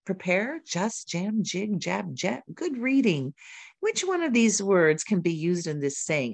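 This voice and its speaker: A woman literacy educator giving a teaching demonstration, modeling a reading lesson with lively questions and prompts. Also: medium pitch, unhurried, gravelly.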